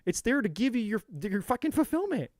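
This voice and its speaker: Guy on a live tarot stream, preachy and swears a lot, kinda high voice. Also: big pitch swings, fairly quick, darkish tone, no room sound, studio quality. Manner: preachy, profane, repeats himself for emphasis. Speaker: tarot reader. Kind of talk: live-stream spiritual talk.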